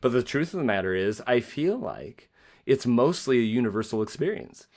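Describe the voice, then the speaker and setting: A man's voice: medium pitch, big pitch swings, normal speed, darkish tone. A man from the United States hosting a podcast, talking in an empathetic, chatty way with lots of "you know" fillers. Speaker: podcast host, nurse. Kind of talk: conversational interview.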